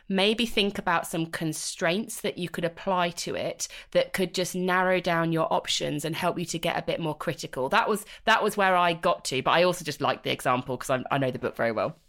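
Lively woman co-host, lower voice. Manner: lively storyteller, explains with examples. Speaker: podcast co-host. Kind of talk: casual chat about books.

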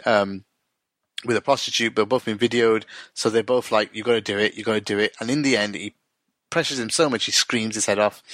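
A man's voice: fairly low pitch, a bit bright, no echo. A man casually retelling a TV episode, full of restarts and acted-out dialogue. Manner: rambling retelling with frequent restarts and quoted dialogue. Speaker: co-host recapping a TV episode. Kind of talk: casual chat.

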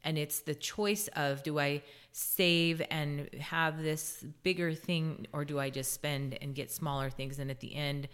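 Low-voiced woman podcast host. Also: steady tone, unhurried, hardly any pauses, a bit bright, clear, resonant tone. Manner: earnest, tells stories from her own parenting. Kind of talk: casual podcast conversation.

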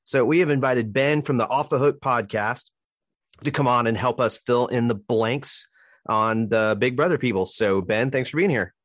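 A man from Alabama hosting a casual podcast chat in a relaxed, chatty way. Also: mid-range voice, moderate pace, no room sound, studio quality. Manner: relaxed, chatty, plugs the show. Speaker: podcast host.

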